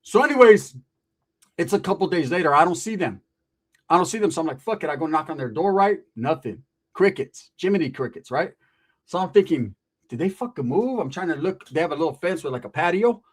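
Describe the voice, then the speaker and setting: As a podcast guest, a middle-aged man with a higher, animated voice recounts a tale from his past a little quickly, heavy on profane street slang and quoted lines.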